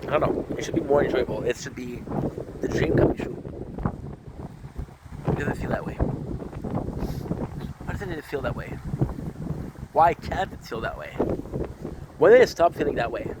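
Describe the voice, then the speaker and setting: Male vlogger, rambling and frustrated, talking to camera outdoors with loud wind and boat noise behind him. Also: a little high, lively intonation, moderate pace, pauses often. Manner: frustrated, searching, repeats himself. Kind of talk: rambling vlog monologue to camera.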